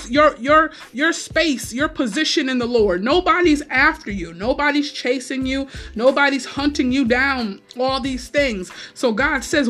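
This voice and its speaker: A woman with a high voice preaches a sermon in a conversational way, with frequent asides and restarts. Faint music plays quietly behind her.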